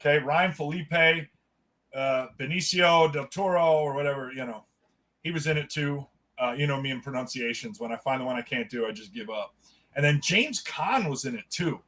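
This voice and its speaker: A man co-hosting a podcast, telling a story in a lively, casual way, acting out the lines he quotes and swearing freely. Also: medium pitch, moderate pace. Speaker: podcast co-host. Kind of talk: casual chat.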